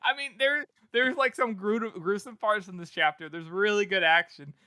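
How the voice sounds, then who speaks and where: A young man co-hosting a podcast in casual chat, expressive and laughing, swearing often. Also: high voice, moderate pace, clear, resonant tone, no echo, clean studio sound. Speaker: podcast co-host.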